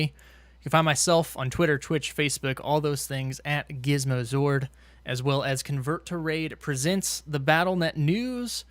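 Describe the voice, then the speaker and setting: A man hosting a gaming podcast, talking in an upbeat, quick way and laughing often. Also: a little high, dry recording. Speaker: podcast host. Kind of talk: casual podcast chat.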